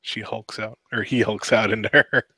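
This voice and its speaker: A man's voice: fairly low pitch, fairly even intonation, normal speed, pushed and bright, breathy edge, no echo. A man co-hosting a podcast, joking casually about wrestling. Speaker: podcast co-host. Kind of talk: casual chat.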